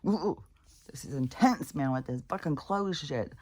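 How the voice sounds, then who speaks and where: A woman's voice: rumbling low, lively intonation, moderate pace, a little mellow. A woman talking in a casual, rambling monologue, swearing freely and restarting her sentences. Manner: profane, rambling, with frequent restarts and laughs. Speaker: vlogger. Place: at home with her dogs.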